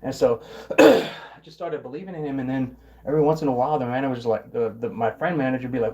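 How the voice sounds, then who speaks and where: A young man casually telling a rambling story about his old job, often restarting words and clearing his throat. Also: medium pitch, brisk, warm tone, dull audio. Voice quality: occasional throat clearing and coughing. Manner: rambling, repeats words and restarts, mimics coworkers in quotes. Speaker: vlogger.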